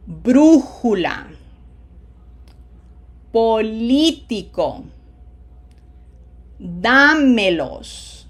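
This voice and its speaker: A woman gives a recorded lesson at an ordinary middle pitch for her sex. She explains each rule patiently and in small steps, checking in with a quick "okay?" along the way. When she gives the example words, she says them slowly and loudly so they stand out. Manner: patient, explains step by step, asks "okay?" often. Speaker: Spanish teacher.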